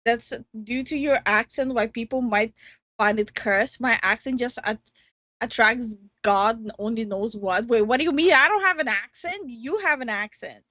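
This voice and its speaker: A woman's voice: a little high, normal speed, pushed and bright, dry recording, studio quality. A young woman chatting casually on a stream, giggly and teasing. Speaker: streamer and co-host.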